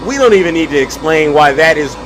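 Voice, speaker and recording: A man with a fairly high voice hosts a live stream in a loose, talky way. He exclaims, mocks and reacts loudly to what he hears, then carries on chatting to his viewers. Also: fast talker. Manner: animated, exclaiming, mocking. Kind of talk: casual live stream commentary.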